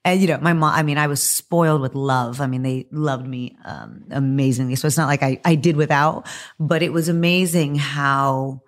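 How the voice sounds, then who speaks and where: Podcast guest, woman, low hoarse voice, lively storyteller. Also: moderate pace. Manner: animated, laughing, acts out quotes. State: hoarse from press junkets. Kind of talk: casual podcast interview.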